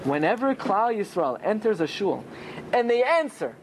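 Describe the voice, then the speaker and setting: A man teaching a Torah class as a rabbi, often asking rhetorical questions and answering them himself, with pitch that swings high and low for emphasis. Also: sing-song, moderate pace, noisy background. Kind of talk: Torah class with Talmud study.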